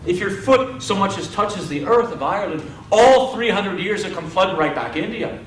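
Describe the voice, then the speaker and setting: A young fairy woman from beneath the waves, earnest and imploring, as a male storyteller puts her on. The voice sits a touch high and comes from a distant mic in a roomy space with faint ambience behind. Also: lively intonation, normal speed, a little hiss or hum. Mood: pleading.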